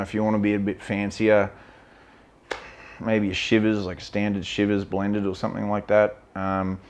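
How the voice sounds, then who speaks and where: A man giving a casual, opinionated whisky tasting talk, blunt and sweary, chatty with plenty of fillers. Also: on the low side. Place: lives in Vietnam.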